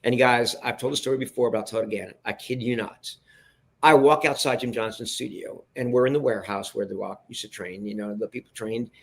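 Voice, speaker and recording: A man's voice: medium pitch, a little fast, gravelly. Man telling a backstage story. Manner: animated anecdote-telling, with frequent restarts and addresses to the listeners. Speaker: guest, television producer. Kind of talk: storytelling in a podcast interview.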